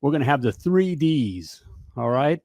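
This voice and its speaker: A middle-aged man hosting a live talk show, energetic and repetitive, tossing in "all right?" and "hey" between lines. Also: medium pitch, a little slow, no room sound.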